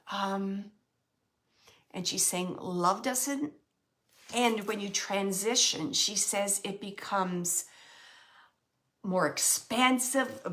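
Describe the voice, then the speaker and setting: A woman giving a spiritual reading as a medium, gently relaying messages and pausing often to search for words. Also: mid-range voice. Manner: halting, searching for words, many pauses and fillers. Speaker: psychic medium.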